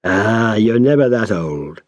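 A man's voice: lowish voice, expressive, slow, no echo. A man voicing a scheming older male landlord who haggles with wry, wheedling talk. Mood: sly.

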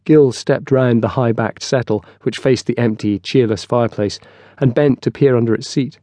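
A man narrating a historical novel in a steady, scripted storytelling style, close on a studio mic. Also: medium pitch, moderate pace, no room sound. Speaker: audiobook narrator.

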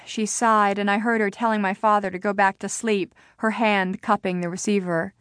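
A woman narrating a novel in the first person, with an even storytelling delivery. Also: medium pitch, normal speed, few pauses, clear, resonant tone, dry recording, clean studio sound. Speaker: audiobook narrator.

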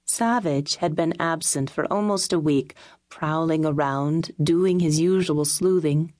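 A woman reading a mystery novel aloud in steady, scripted audiobook narration. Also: deep voice, no room sound, studio quality.

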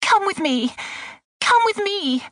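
A woman voicing a frightened young wealthy mother in an audiobook, pleading in a high, breathless voice. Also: animated, slow pace, full character voice. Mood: panicked. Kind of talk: audiobook character voice.

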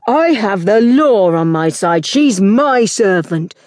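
A woman voicing a brutal, domineering man in an audiobook, loud and bullying, with an altered timbre. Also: medium pitch, lively intonation, slow, dry recording, studio quality. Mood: roaring.

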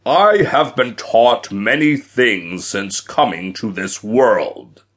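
A man voicing a huge, boastful male giant with a booming, mocking voice in an audiobook. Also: lively intonation, slow, a bit bright, slightly rough, exaggerated voice. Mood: scornful. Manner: mocking, taunting. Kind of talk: audiobook character voice.

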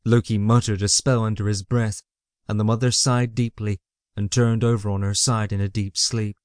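A man reading a fantasy novel aloud as the audiobook narrator, in a measured storytelling way. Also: on the low side, flat delivery, clear, resonant tone, dry recording. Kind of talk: scripted narration. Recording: dry close mic.

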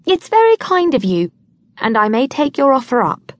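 A woman's voice: sits high, big pitch swings, normal speed, pitched above the performer's own voice. A woman reading as a young pregnant woman who speaks wryly and a little dazed.

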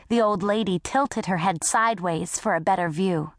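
A woman narrating a first-person audiobook story in a scripted, unhurried way. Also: medium pitch, no room sound, studio quality.

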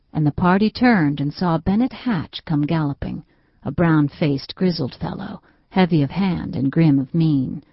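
A woman narrating a classic novel in a measured, even reading. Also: low-pitched, dry recording. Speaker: audiobook narrator. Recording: dull, dry studio recording.

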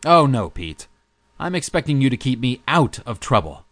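A male audiobook narrator voicing an earnest young male apprentice veterinarian, a little higher than his narration. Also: big pitch swings, normal speed, a bit bright, no room sound.

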